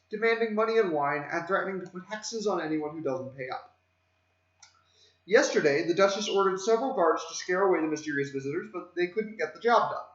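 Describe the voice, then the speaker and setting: Man game master in an echoey room. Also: high-pitched. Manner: reads prepared scene descriptions. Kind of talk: narrating a tabletop game. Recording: roomy, dull lo-fi mic.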